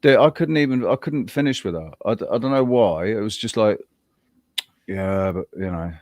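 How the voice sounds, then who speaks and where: A man co-hosting a podcast, telling a personal story in a rambling, halting way with frequent restarts. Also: fairly low pitch, lively intonation, a little mellow, no echo, studio quality. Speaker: podcast co-host. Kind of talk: casual chat.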